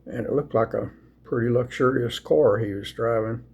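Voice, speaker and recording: A man, sleepy and folksy, chatting casually and reading scripture aloud in a slow, rambling way. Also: medium pitch, darkish tone, slightly rough. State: sleepy, yawning. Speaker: video host sharing scripture. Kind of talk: casual devotional talk and Bible reading.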